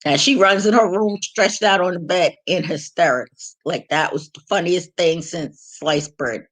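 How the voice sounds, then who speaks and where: Lively, laughing woman telling stories. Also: lowish voice, normal speed, hardly any pauses. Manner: animated, laughing, frank and rambling with restarts. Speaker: vlogger. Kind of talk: casual storytelling.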